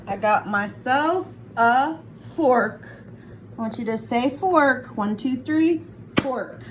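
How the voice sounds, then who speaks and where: A woman teacher talks through a phonics lesson in a slow, patient, encouraging way, voice pitched a little high. She is recorded on a phone that she keeps setting down and picking up. A faint hiss of noise sits behind her. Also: lively intonation. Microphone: phone, set down and picked up.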